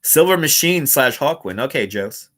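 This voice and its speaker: Here a man with a medium-pitched, bright and forceful voice talks at a moderate pace in an animated way. He's indoors at home on a livestream, casually reading comments, joking around and laughing a lot into a wireless clip-on mic.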